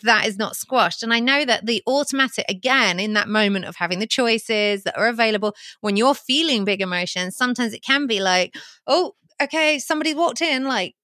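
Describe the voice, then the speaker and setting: A woman in her thirties in a casual podcast chat, expressive and animated, often affirming the other speaker. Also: on the high side, a little fast, no echo, studio quality.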